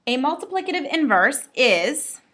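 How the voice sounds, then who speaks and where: Female math teacher, upbeat and a bit playful, bright voice pitched slightly high. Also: sing-song, moderate pace. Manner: upbeat, playful asides to students. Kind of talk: recorded classroom lesson.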